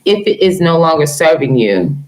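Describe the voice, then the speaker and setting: A woman's voice: low-pitched, sing-song, normal speed, darkish tone, slight background noise, low-quality recording. A woman giving a casual live-stream tarot reading, speaking affectionately to her viewers with features. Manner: affectionate, calls viewers girl and honey. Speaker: tarot reader.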